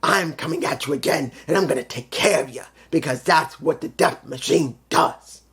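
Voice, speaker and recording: Brief: man doing a menacing wrestler, deep hard strained growl. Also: normal speed, fairly bright tone, husky.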